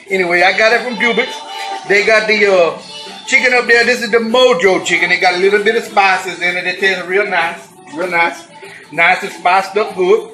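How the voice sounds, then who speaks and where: A man's voice: sits high, sharp tone, rough recording. A man hosting a casual cooking demonstration, exuberant and folksy with whooping exclamations. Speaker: cooking show host.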